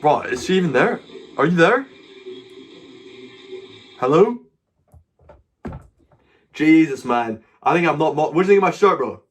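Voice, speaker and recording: A Scottish man hosting a live stream, talking in a fairly high voice. He is brash and foul-mouthed, heckling strangers and breaking into loud, mocking outbursts. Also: animated, unhurried, pauses often, slight background noise. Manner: crude, swears freely, loud mocking outbursts.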